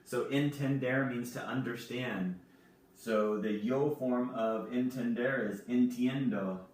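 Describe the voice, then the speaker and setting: A man's voice: mid-range voice, slow, a little mellow, far from the mic. Patient man teaching in an echoey room. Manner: patient, spells words out letter by letter. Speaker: Spanish teacher. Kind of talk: recorded classroom lesson.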